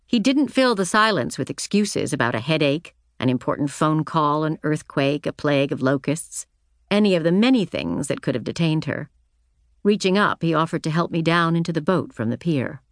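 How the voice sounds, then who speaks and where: A woman reads first-person audiobook fiction in a low, steady voice. Her delivery is measured and reflective, and the studio sound is close and dry. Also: no echo. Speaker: audiobook narrator. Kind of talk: scripted first-person narration.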